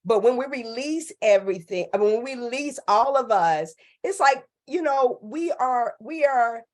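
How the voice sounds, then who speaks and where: A woman's voice: a little high, lively intonation, moderate pace. A woman with a Southern US accent hosting a casual conversation, speaking in an affirming, reflective way. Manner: affirming, reflective, calls herself country. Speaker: host and preacher.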